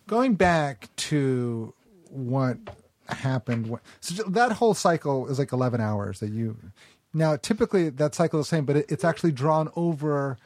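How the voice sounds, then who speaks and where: A man's voice: fairly high pitch, lively intonation, normal speed, a little mellow, no room sound. A man guesting on a podcast, telling stories in a rambling, self-deprecating, jokey way. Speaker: actor and guest. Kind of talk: casual chat.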